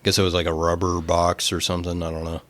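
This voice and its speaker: A man's voice: low voice, monotone, quick pace, fairly bright tone. A man visiting as a guest on a horror podcast, chatting casually about a film with short, dry remarks. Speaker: guest from a cinema. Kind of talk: casual movie chat.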